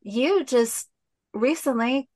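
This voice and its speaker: A woman's voice: high voice, takes it slowly, a little mellow. A woman hosting a podcast, chatting casually and rambling with many fillers and restarts. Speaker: podcast host. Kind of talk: casual heartfelt chat.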